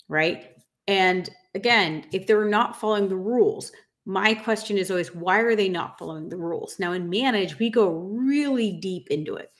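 A woman's voice: medium pitch, moderate pace. A woman in her thirties, a dog grooming business coach, ranting frankly and emphatically to camera and calling her viewers "guys". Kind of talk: casual rant to camera.

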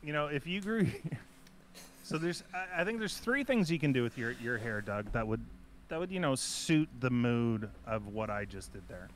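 A man's voice: mid-range voice, expressive, normal speed, slight background noise. A man co-hosting a casual chat show, joking and stumbling over repeated words while he works. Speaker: co-host.

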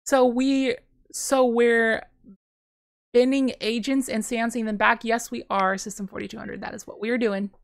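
A woman's voice: a little high, normal speed, gravelly. Chatty woman narrating her card game. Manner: chatty, thinks aloud, bursts of excitement. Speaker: gameplay streamer. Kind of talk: casual play-by-play commentary.

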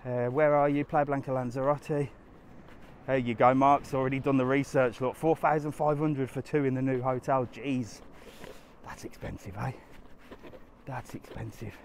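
A man's voice: medium pitch, fairly even intonation, moderate pace, a little hiss or hum. A man chatting casually to live viewers as he walks along a sunny resort street, answering their questions. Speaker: travel vlogger answering live chat. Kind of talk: casual live-stream walking vlog.

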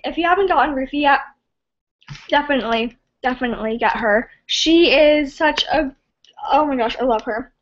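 Very high-pitched excitable young woman. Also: lo-fi sound. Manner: excitable and scattered, giggly, quick to apologize. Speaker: livestream host reading viewer comments. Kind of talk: casual live-stream chat.

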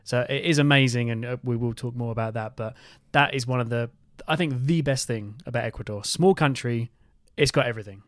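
A man co-hosts a travel podcast, talking in a relaxed, jokey way. His pitch sits in the middle, and the recording is dry and close. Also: brisk, dry recording. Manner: relaxed, chatty, jokey asides. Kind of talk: casual chat.

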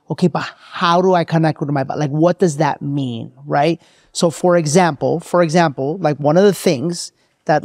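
A man's voice: a little high, darkish tone, dry recording, studio quality. A man hosting a podcast, talking emphatically with lots of restarts and checks for agreement. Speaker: podcast host. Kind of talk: conversational podcast interview.

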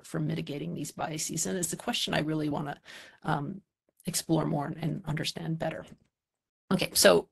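A middle-aged researcher from the United States gives a public lecture in a plain, conversational way. The voice has a heavy gravelly fry and a husky, breathy edge, and stays candid and earnest throughout. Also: medium pitch.

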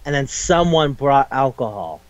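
A man co-hosts a casual podcast, retelling a manga in a crude, animated way and slipping into quick quoted voices. His voice sits at a middle pitch. The recording is dull and lo-fi, with a hum underneath. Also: no echo. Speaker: podcast co-host.

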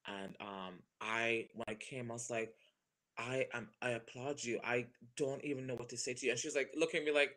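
A man in his thirties, a stage performer, gushing in a casual interview and laughing often. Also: medium pitch. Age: 30s. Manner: animated, gushing, quick to laugh.

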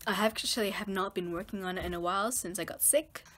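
A woman's voice: mid-range voice, fast talker. A woman vlogger chatting casually to her camera between song covers, self-conscious and laughing at herself.

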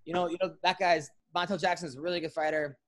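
A man's voice: on the high side, fairly even intonation, fast talker, a bit bright. A man hosting a podcast, chatting loosely and joking over a video call. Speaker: podcast host. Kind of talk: casual chat on a video call.

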